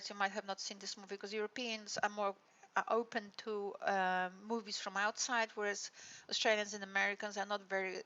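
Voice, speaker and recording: A woman's voice: medium pitch, bright, forceful tone, muffled recording. A woman lecturer explaining a teaching model in a recorded lecture, often checking in with tag questions. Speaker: university lecturer.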